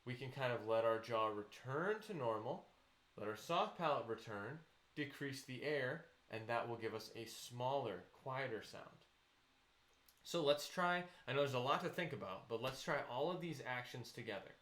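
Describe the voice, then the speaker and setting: A man's voice: mid-range voice, expressive, moderate pace, fairly bright tone, roomy sound. A man teaching a voice lesson, patiently explaining vocal technique and counting students into exercises.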